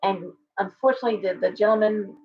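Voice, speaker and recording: A woman's voice: mid-range voice, fast talker, highs cut off, soft background music. A middle-aged woman hosting a casual livestream from her shop, talking in a chatty, digressive way and answering viewer comments as she goes.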